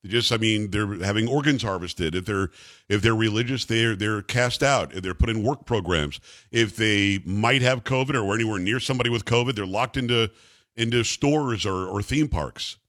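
A man's voice: lowish voice, normal speed. Emphatic male talk radio host. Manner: emphatic, animated, mocking voices. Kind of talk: opinionated talk radio monologue.

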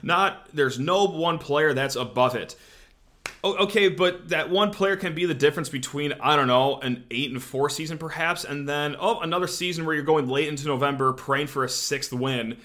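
Male sports host, bright, slightly high voice, sarcastic and animated, fillers. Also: moderate pace. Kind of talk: opinionated sports commentary.

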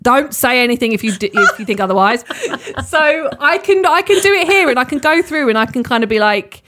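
A woman co-host chats in an easy, unscripted way. Her voice sits a bit high and swings widely up and down. She is candid, swears freely and laughs often. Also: expressive, a little fast, a bit bright. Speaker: podcast co-host. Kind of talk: casual chat.

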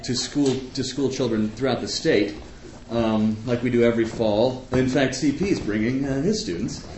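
A man speaking casually to a theater audience, halting and self-deprecating, with frequent restarts. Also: mid-range voice, a little mellow. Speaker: theater education director. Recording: echoey room, faint hum.

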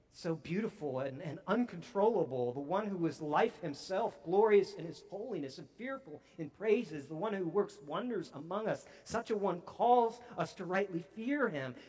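A man preaching a sermon as pastor, emphatic and swinging from near-whispers to booming declarations.

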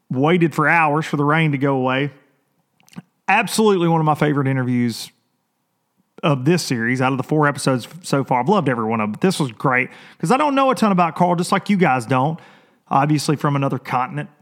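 A man hosting a fishing show, talking casually and excitably with lots of restarts and teasing jokes. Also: on the high side. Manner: rambling and excitable, many restarts. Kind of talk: casual vlog opening talk.

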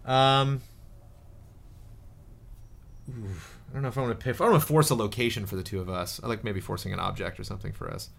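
A man's voice: fairly low pitch, fairly even intonation, fast talker, creaky, pauses often. A man playing a tabletop game, thinking aloud hesitantly with lots of ums. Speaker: player. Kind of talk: casual chat at a tabletop game.

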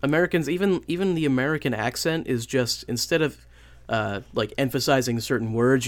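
A man's voice: mid-range voice, fairly quick. A man co-hosting a podcast in casual chat, laid-back with wry jokes. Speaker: podcast co-host.

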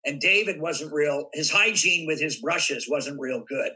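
Older man, from Southern California, very bright, husky, animated storyteller, acts out voices, podcast guest. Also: on the high side, measured pace, rough recording. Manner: animated anecdotes with acted-out voices. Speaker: guest actor.

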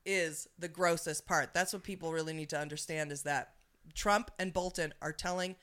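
With a low-sitting, steady, fairly bright voice at normal speed, a woman co-hosts a podcast. Her casual political chat rambles, includes swearing, and is full of restarts.

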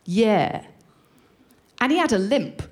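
A woman performing a stand-up comedy routine with wry, deadpan asides. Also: medium pitch, normal speed.

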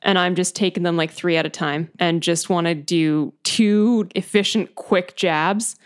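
A woman's voice: on the low side, steady tone, measured pace. A woman playing a tabletop game, describing her attacks cheerfully and laughing easily. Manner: giggly, cheerful. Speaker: player.

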